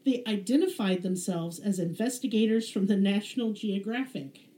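Woman, southern twang, sarcastic storyteller, swears a lot, mellow tone, roomy echo. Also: medium pitch, moderate pace. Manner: sarcastic, profane, animated storyteller. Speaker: podcast host. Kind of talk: casual storytelling chat.

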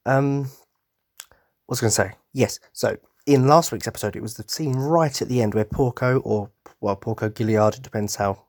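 A man's voice: mid-range voice, moderate pace, darkish tone, no echo, studio quality. A young man hosting a casual solo podcast, chatty and rambling, sounding tired. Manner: rambling, self-interrupting and chatty. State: tired from little sleep. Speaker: podcast host.

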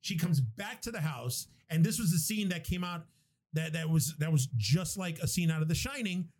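A young man animatedly retelling a film to a co-host, his voice sitting a little higher than the average man's. He talks casually and swears freely, rambling and restarting as he goes. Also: moderate pace. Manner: animated, profane movie retelling. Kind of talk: casual chat.

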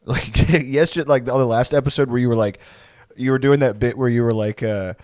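Young man, low-pitched, rambling storyteller, dry close sound. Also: moderate pace, a little mellow, no room sound. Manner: rambling storytelling, heavy swearing, laughs often. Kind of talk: casual chat.

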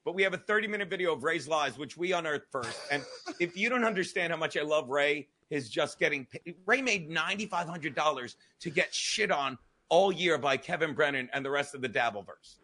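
A man ranting about a joke on a casual comedy podcast, loud and profane, talking over the others. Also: on the high side, expressive, fairly quick, few pauses.

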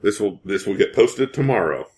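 A man with a lowish voice co-hosts a relaxed podcast. He speaks plainly and dryly. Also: moderate pace. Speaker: podcast co-host. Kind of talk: casual chat.

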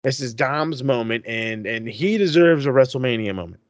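A man's voice: medium pitch, expressive, normal speed, dry recording, muffled recording. A man co-hosting a casual wrestling chat, talking in an emphatic, profane way. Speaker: podcast co-host.

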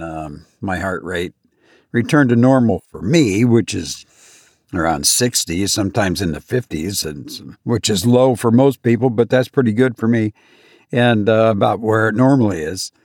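Slow, halting male podcast host. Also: fairly low pitch, a little mellow, dry recording, clean studio sound. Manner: halting, repeats words, rises when acting out panic. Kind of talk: personal story told to listeners.

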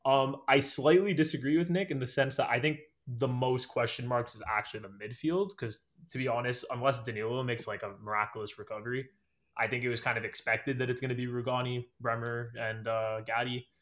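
Male guest, casual fan chat, mid-pitched, hedgy and filler-heavy. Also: steady tone, fairly quick, fairly bright tone. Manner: hedging, many fillers and "I think".

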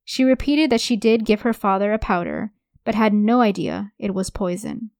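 A woman giving a measured, scripted narration of a historical crime story. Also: medium pitch, gravelly, a little mellow, no room sound, clean studio sound.

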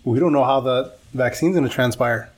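Quick-talking joking man. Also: mid-range voice, darkish tone. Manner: quick, joking, speeds up when making a point. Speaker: podcast co-host. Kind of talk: casual podcast chat.

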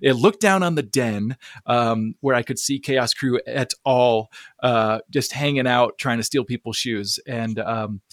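A man's voice: medium pitch, measured pace, fairly bright tone, no echo. Host, man, enthusiastic, dry close sound. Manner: enthusiastic, laughs easily. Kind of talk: casual podcast chat.

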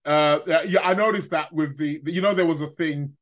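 A man's voice: fairly high pitch, brisk. A man hosting a casual live stream, rambling, stammering through restarts and chuckling at his own remarks. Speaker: astrology live-stream host.

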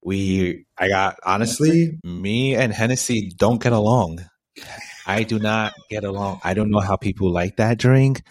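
A young man of Puerto Rican background co-hosts a podcast, laughing as he tells a story in casual chat while sitting face to face at home. His voice sits on the low side at a measured pace, with no echo.

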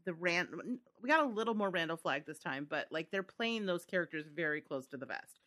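A woman's voice: fairly low pitch, lively intonation, a little fast, fairly bright tone. A woman co-hosting a podcast, chatting in an easygoing way with lots of filler words. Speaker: podcast co-host. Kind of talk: casual chat about a TV adaptation.

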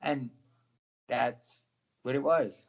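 A man's voice: mid-range voice, fairly even intonation, drawn-out words, creaky. A middle-aged man, a former wrestler, telling stories in a casual interview and acting out other people's voices as he goes.

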